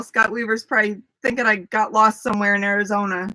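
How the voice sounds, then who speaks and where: A chatty woman runs a casual livestream, calling viewers by name and laughing often. Her medium-pitched voice is pushed and bright, fairly quick, with fairly even intonation.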